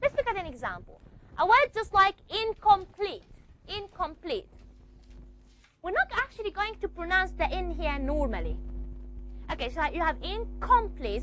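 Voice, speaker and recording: High, lively woman teaching phonetics. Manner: asks questions and answers them herself; stretches key words slowly. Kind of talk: classroom lecture. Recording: dull lo-fi recording.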